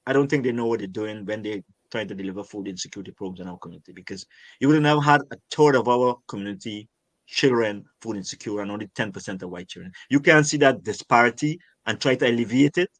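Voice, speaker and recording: A man's voice: lowish voice, fast, no echo. An older man from Guyana, an urban farmer talking as an interview guest, speaking passionately and emphatically, often repeating words to stress a point. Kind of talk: conversational interview.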